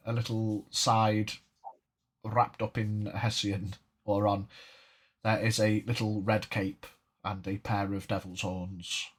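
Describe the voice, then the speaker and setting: Male game master, lowish voice, casual and rambling. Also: husky. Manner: casual, rambling, laughs often. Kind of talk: narrating a tabletop game.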